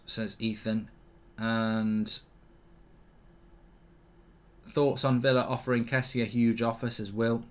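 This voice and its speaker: A man's voice: mid-range voice, a bit bright. Blunt man ranting through a football watchalong. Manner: reads viewer comments aloud and reacts; blunt, swears casually, rants at the referee. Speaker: host. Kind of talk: live football watchalong commentary.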